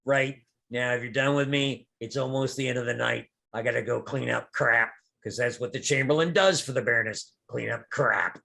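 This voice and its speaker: A man's voice: mid-range voice, fairly even intonation, moderate pace, creaky, hardly any pauses, sharp tone. A man voicing a short, stocky, greedy male bogan who oversees contracts, talking in a coarse, wheedling way. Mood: grumbling.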